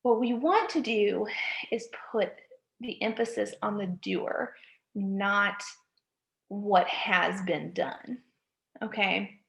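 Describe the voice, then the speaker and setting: A woman's voice: mid-range voice, takes it slowly, vocal fry, pauses often, fairly bright tone. A woman, a college writing instructor, giving a recorded lecture, often checking in with "okay?" and correcting herself mid-sentence. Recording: echoey room.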